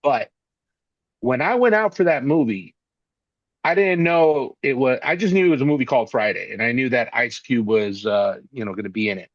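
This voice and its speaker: A man telling stories in an interview, lively and chatty, and he slips into other people's voices as he quotes them. His voice sits in a middling pitch. The audio is dull and dry, with no room sound. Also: normal speed, no room sound. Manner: animated anecdotes, acts out quoted voices. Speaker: actor and interview guest. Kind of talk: casual storytelling interview.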